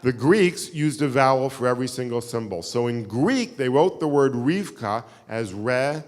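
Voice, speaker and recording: A man's voice: mid-range voice, animated, moderate pace, darkish tone. A man giving a keynote lecture, telling stories in a chatty, self-deprecating way with lots of fillers. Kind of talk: live lecture with audience questions. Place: synagogue hall. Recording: reverberant hall.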